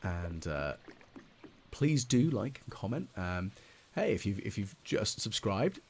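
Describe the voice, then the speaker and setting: A man's voice: on the low side, sing-song, slow pace, slight background noise. A man in his late thirties rambling over a farming game, musing and mocking himself with lots of ums. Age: late 30s. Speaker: gaming channel host. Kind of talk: casual let's play commentary.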